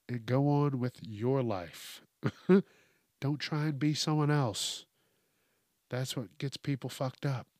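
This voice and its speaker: A man delivers a profane comedic news rant in an unhurried, drawn-out way, laughing often as he mocks. His voice sits at a middling pitch and sounds close and dry, with no room echo. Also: darkish tone. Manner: mocking, laughs often, heavy swearing. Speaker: host.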